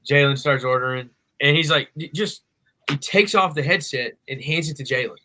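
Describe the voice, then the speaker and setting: A young man, co-hosting a podcast and telling a story in a lively, animated way. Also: on the high side, moderate pace, poor audio. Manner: animated storyteller, acts out quoted voices. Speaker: podcast co-host. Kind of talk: casual storytelling chat.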